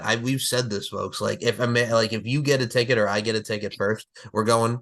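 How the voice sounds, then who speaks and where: Excitable middle-aged man hosting a chat. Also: medium pitch, brisk. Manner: excitable, swears, laughs often. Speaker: podcast host. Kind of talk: casual chat.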